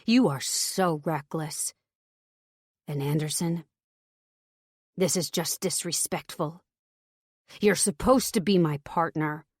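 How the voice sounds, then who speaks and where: A woman voicing a furious, protective older brother in an audiobook, speaking low and slow through clenched anger. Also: no echo, clean studio sound. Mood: angry.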